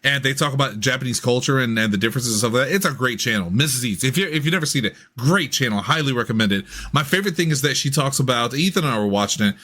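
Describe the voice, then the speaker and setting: A man's voice: medium pitch, lively intonation, racing, few pauses, sharp tone. A man hosting a casual comedy podcast, playful and joking with his co-host. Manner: playful, mock-announcer delivery.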